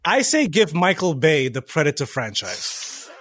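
A co-host in a casual film chat who throws in teasing questions and quick asides. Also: medium pitch, very animated, fairly bright tone.

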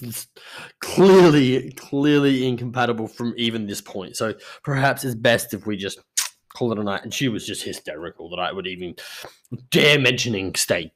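A young man hosting a podcast, telling stories in a rambling casual monologue full of swearing. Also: mid-range voice. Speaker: podcast host.

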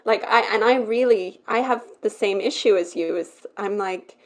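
A woman's voice: mid-range voice, normal speed, a little mellow. A woman co-hosting a podcast in casual chat, open and chatty with lots of filler words. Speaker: podcast co-host.

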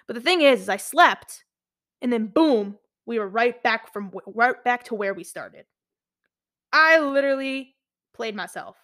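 A young woman in her early twenties hosts a solo podcast, her voice sitting a little higher than most. She talks in a candid, chatty way, full of fillers and restarts. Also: normal speed. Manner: candid, chatty, animated storytelling with many fillers. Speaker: podcast host.

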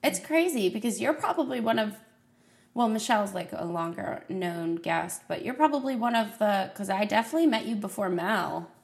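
A woman's voice: medium pitch, moderate pace, creaky. A young woman hosting a podcast, chatting casually and rambling with lots of "like"s. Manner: rambling, filler-heavy with many "like"s. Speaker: podcast host.

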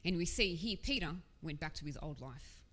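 A woman's voice: low-pitched, lively intonation, moderate pace, a bit bright. A woman preaching a sermon in an earnest, conversational way, with casual asides. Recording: long hall reverb.

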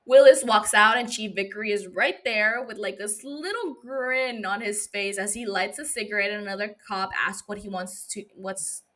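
A woman podcast host recapping a TV episode in casual chat, reacting with lively, profane outbursts. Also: mid-range voice, moderate pace, hardly any pauses. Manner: animated, profane, gushing reactions.

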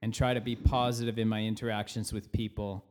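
A man's voice: on the low side, little pitch movement, a little fast, a little mellow. A man co-hosting a podcast, chatting in an easygoing, joking way. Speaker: podcast co-host. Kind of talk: casual chat.

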